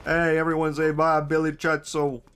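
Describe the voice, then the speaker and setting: A loud, cheery fake Italian-American man, put on by a Swedish man, bellowing drawn-out greetings high above his normal voice. The put-on accent swaggers like an old crooner. It is big and brash. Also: completely flat delivery, clear, resonant tone, natural voice. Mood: boisterous farewell.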